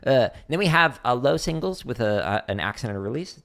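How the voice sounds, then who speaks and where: A man's voice: mid-range voice, fast, gravelly, few pauses, loud music behind the voice. A man giving a casual drum lesson on a practice stream, talking through rhythms and singing them out with syllables. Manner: sings out rhythms with vocal syllables; relaxed, thinking aloud with fillers. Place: home practice room. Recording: loud drumming and clicks behind the voice.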